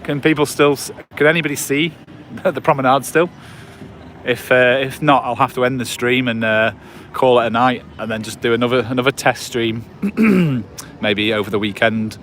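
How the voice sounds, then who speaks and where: Guy in his 40s rambling on a phone livestream outside, faint traffic behind, mid pitch. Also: moderate pace, a bit bright. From England. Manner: chatty, rambling, many fillers and restarts. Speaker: livestream host. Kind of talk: casual livestream chat with viewers. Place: outdoors on a seaside promenade at night. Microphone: phone on a gimbal.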